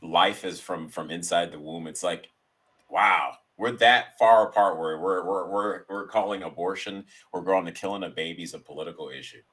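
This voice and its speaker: A man's voice: low voice, normal speed, fairly bright tone, husky. A man guest on a podcast chatting casually, telling stories in a rambling way with frequent restarts. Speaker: guest, sketch comedian. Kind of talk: casual interview chat.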